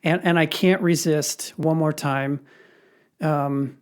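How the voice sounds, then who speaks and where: A man's voice: on the high side, steady tone, takes it slowly, smooth. A middle-aged man hosting a podcast, talking about faith and fatherhood in an earnest, heartfelt way. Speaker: podcast host. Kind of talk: casual faith-based conversation.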